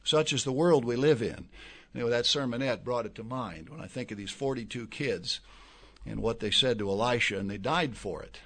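An older man preaching a sermon to his congregation, moving between quiet, reflective asides and loud, emphatic outbursts, often repeating words as he builds a point. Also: moderate pace. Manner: impassioned, swings from low asides to loud emphatic peaks. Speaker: pastor.

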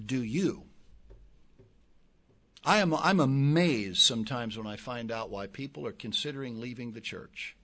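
This older pastor's sermon is passionate, dropping into low, reflective remarks and then rising into loud, emphatic outbursts. Repetition of words is one of his main tools for building a point.

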